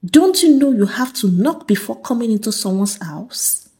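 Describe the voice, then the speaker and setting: A woman's voice: fairly high pitch, very animated, moderate pace, warm tone. A woman voicing a cool, self-assured young wife who speaks cuttingly.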